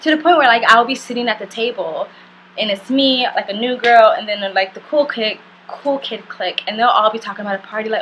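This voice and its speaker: A young woman talks straight to camera in a chatty vlog, her voice bright and forward. She tells her story candidly, leaning on "like" and swearing casually. Faint ambient noise sits behind her. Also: on the high side, brisk, rough recording. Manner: candid and chatty, heavy use of "like". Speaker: travel vlogger.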